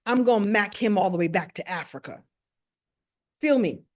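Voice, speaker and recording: A woman's voice: medium pitch, animated, normal speed, a little mellow. A woman from the United States, a speaker and coach, telling a story in a playful, self-mocking way and acting out voices. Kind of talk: storytelling talk.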